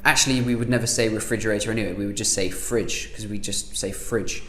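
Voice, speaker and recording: A man with a British accent giving an online pronunciation lesson, repeating example phrases slowly for emphasis. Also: fairly low pitch, steady tone, a bit bright, echoey room, slight background noise. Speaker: language teacher.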